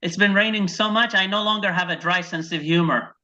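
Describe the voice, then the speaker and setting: A man from Iraq doing a stand-up set over a video call, telling deadpan one-liners and acting out his wife and his dog. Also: high-pitched, fairly quick, over a noisy crowd. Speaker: stand-up comedian. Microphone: video call microphone. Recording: dull lo-fi video call audio.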